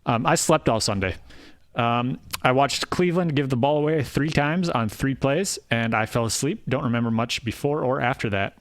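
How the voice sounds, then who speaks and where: A man co-hosting a casual sports podcast, teasing dryly and halting often with fillers. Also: mid-range voice, no echo. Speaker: podcast co-host.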